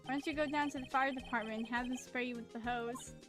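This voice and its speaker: A woman's voice: sits high, fast talker, over music, close to an everyday voice. Woman reading a dry, wry young lawyer. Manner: dry, deadpan asides.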